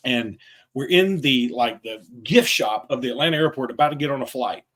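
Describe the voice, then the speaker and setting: A man hosting a podcast, chatting casually about college sports and telling lively stories. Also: medium pitch, brisk. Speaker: podcast host.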